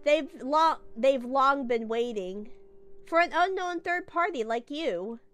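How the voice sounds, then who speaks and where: A woman reading the lines of a remorseful old man hiding a family secret, in a plain, calm voice. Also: sits high, slow pace, soft background music, heavily acted. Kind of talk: reading game dialogue aloud.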